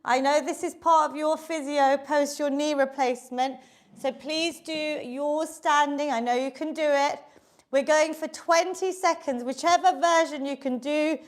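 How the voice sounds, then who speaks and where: In a high voice with a steady, unhurried tone, a British woman runs a live online exercise class from a home workout room. As the instructor, she counts down reps with cheerful encouragement, slightly breathless.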